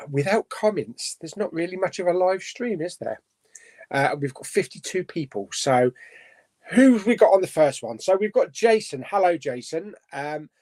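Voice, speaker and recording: A man's voice: fairly high pitch, darkish tone. A man hosting a casual live stream chat, reading out viewer comments and chatting about them.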